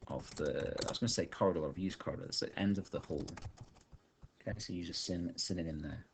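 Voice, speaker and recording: A male teacher thinking aloud as he writes a story, dictating sentences slowly while typing. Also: extremely low pitch, slight background noise. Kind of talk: online writing lesson while typing.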